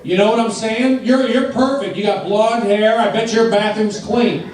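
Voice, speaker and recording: A man's voice: high-pitched, moderate pace, darkish tone. A man doing stand-up comedy on a club stage, blunt and self-deprecating in short repeated sentences, with audience laughter behind him. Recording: distant echoey club recording, noisy.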